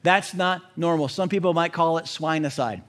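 A male pastor preaching a sermon in an animated way, mixing in jokes and puns. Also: a little high, moderate pace.

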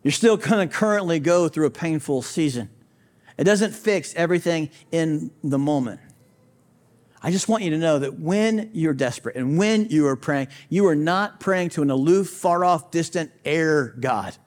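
A man's voice: a little high, expressive, normal speed, a little mellow. A male pastor preaching a sermon, hammering points through repetition, asking rhetorical questions and speaking straight to skeptics in the room. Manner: emphatic, repetitive preaching cadence.

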